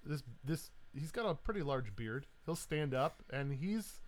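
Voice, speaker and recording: A man narrating a tabletop game as game master, in a casual, lively way full of fillers. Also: a little high, measured pace, over a noisy crowd.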